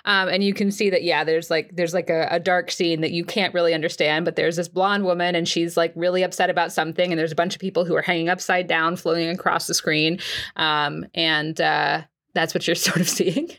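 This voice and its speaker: A woman's voice: on the low side, fairly quick. A woman running a tabletop game as game master, describing scenes in a rambling, filler-heavy way. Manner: rambling, filler-heavy, animated put-on voices. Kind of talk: casual tabletop role-play narration.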